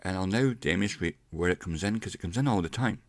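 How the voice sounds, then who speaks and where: A middle-aged man giving a casual pronunciation lesson, explaining step by step and slowing down to demonstrate sounds. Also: sits low, lively intonation, dry recording. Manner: unhurried, explains step by step with slowed demonstration words. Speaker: English pronunciation teacher.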